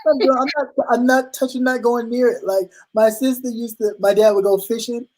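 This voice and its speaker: A man co-hosting a casual chat, telling animated stories and acting out his family's voices, swearing freely. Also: very high voice, moderate pace, rough recording. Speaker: co-host.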